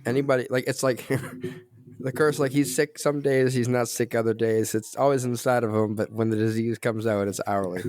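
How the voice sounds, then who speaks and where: A man's voice: mid-range voice, fairly even intonation, moderate pace, darkish tone. A man co-hosting a podcast in casual chat, hesitant and full of restarts. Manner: hesitant, restarts a lot, mild and reasonable. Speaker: podcast co-host.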